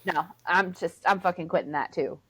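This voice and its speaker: A woman's voice: lowish voice, normal speed, a bit bright, breathy edge. A woman in her thirties co-hosting a casual podcast, talking bluntly and swearing freely. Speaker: podcast co-host. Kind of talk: casual chat.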